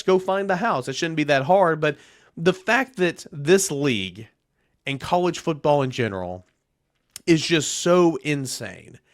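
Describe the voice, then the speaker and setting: A man hosting a sports podcast, retelling a recruiting story in an animated way and acting out the quotes. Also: on the high side, no echo, clean studio sound. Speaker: podcast host. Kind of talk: casual sports podcast monologue.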